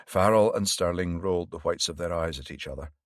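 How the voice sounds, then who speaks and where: A man with a low voice reads a crime novel aloud in an even, measured way. The recording is dry and close. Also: dry recording. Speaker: audiobook narrator. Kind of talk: scripted narration.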